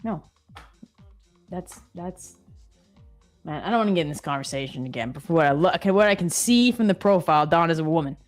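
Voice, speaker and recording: Woman, 30s, lowish voice, chatty stream co-host, playful storyteller who laughs a lot. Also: lively intonation, fairly quick, long pauses, soft background music. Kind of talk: casual chat.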